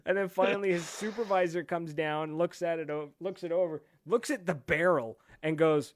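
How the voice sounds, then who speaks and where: Animated Canadian man telling a story. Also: fairly high pitch, moderate pace, hardly any pauses, no echo, clean studio sound. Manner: animated storyteller, acts out quotes, laughs often. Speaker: podcast host. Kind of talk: casual chat, telling a story.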